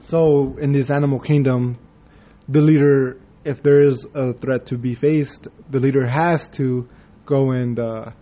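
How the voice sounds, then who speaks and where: This is a man co-hosting a casual podcast, laid-back and self-deprecating, with crude language. His voice is mellow and warm, at an ordinary male pitch. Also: steady tone, unhurried. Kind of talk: casual chat.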